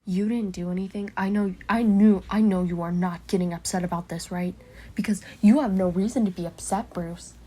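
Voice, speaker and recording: A woman's voice: medium pitch, steady tone, fairly quick, lightly acted. A woman voicing a blunt, foul-mouthed sibling who fiercely protects the listener, in an amateur role-play. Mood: furious. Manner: blunt, cursing, sharp-tongued.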